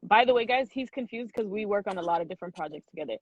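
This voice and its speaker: A woman's voice: mid-range voice, animated, racing, breathy edge. A young woman hosting a podcast, chatting casually and teasing her guest, laughing often. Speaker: podcast host. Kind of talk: casual chat. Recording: dull lo-fi sound.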